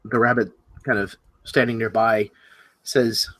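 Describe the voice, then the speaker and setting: A man's voice: medium pitch, normal speed, a bit bright. A man narrating a tabletop game as game master, describing actions with many hedges. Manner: descriptive, hedging.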